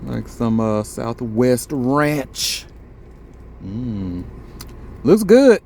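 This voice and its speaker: A man reviewing fast food in a casual vlog, joking, laughing often and acting out his own lines. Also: medium pitch, gravelly, slight background noise. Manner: animated, joking, quick to laugh. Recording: roomy echo.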